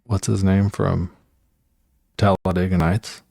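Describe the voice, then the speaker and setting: A man's voice: sits low, flat delivery, slow pace, gravelly, warm tone. A man co-hosting a podcast, joking and rambling in a laid-back, casual chat. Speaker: podcast co-host.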